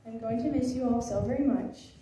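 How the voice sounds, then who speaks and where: A woman's voice: fairly high pitch, a little fast, warm tone, a little hiss or hum. Teenage girl giving a heartfelt graduation speech. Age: late teens. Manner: earnest, heartfelt, slightly nervous. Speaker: graduating student. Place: school ceremony hall. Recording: echoey hall, distant mic.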